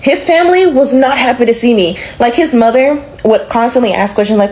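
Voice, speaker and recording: A young woman casually telling a personal story in an animated way, often slipping into the voices of the people in it. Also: fairly high pitch, a little fast, hardly any pauses. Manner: animated, swings into character voices. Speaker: storyteller in a short clip.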